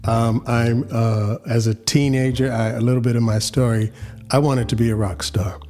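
Earnest New reverend hosting a show. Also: male voice, medium pitch, fairly even intonation, dark tone, soft background music. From New York, US. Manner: measured, earnest, restarts often. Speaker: podcast host, reverend. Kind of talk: faith talk show hosting.

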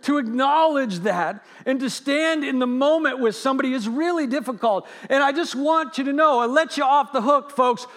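High-voiced earnest male preacher. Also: moderate pace, few pauses. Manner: earnest, swings from loud to hushed. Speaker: pastor. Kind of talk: sermon.

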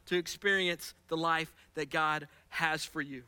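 A man preaching with a very bright, crisp voice, close and dry on the mic. He drops into casual, soft asides, then climbs high and loud in his preaching, often repeating a word as he restarts. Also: steady tone, unhurried, hardly any pauses, no echo. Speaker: pastor. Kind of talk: sermon.

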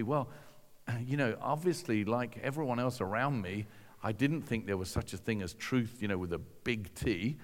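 A man's voice: medium pitch, moderate pace. A man giving a personal testimony to an audience in a conversational, self-deprecating storytelling manner with dry asides. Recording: long reverb from a large hall.

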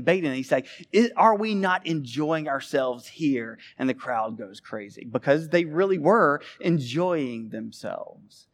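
A pastor delivers a sermon in a voice pitched a little above the usual for a man. He preaches with animation, swinging between loud, emphatic peaks and quiet, low asides. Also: expressive, unhurried, hardly any pauses.

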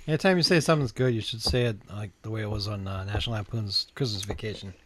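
A man's voice: on the low side, fast talker, a crowd in the background. A man co-hosting a casual podcast chat, tossing in dry wisecracks and casual swearing. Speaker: podcast co-host.

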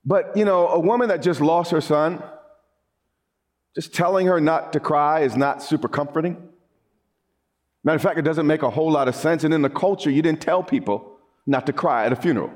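A middle-aged man preaching a sermon, animated, with repeated phrases and quick restarts. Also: on the high side. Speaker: pastor.

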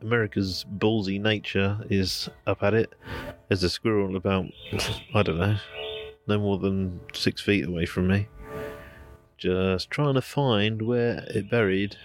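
A man's voice: on the low side, a little slow, soft background music. A man, recording a casual outdoor audio diary, rambling with lots of fillers and asides. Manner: rambling, relaxed, many fillers. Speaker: podcaster. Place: outdoors at home, near a street. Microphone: handheld recorder on the move.

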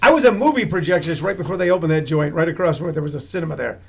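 A man's voice: on the high side, lively intonation, racing, gravelly, slightly rough. A man hosting a radio show, jokey and folksy, often laughing. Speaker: radio host. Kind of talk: casual radio chat.

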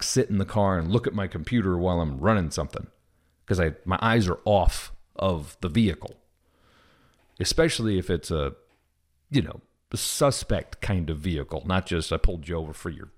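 A man from the Midwest with a Southern US accent, a podcast host talking through ideas in a casual monologue, animated and full of restarts. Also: low-pitched, normal speed. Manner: animated, thinks aloud with many restarts.

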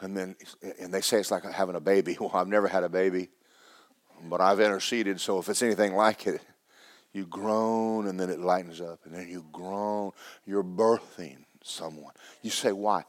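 Fervent preacher, low dry voice. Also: male voice, fairly even intonation, moderate pace, dry recording. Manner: loud and emphatic, dropping to a hushed near-whisper. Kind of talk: sermon.

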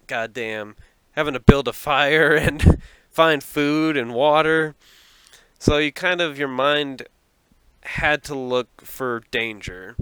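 A man with a medium-pitched, bright voice, forceful in tone and smooth with no echo, hosts a casual solo podcast from his apartment using a podcast microphone. A little nervous, he rambles and puts himself down, swearing a lot and laughing often.

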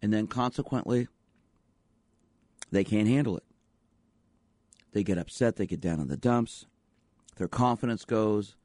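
A man's voice: on the low side, a little mellow, no room sound, clean studio sound. A man hosting a radio show as a sports psychologist, talking in an emphatic way with repeated rhetorical questions. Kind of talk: radio talk monologue.

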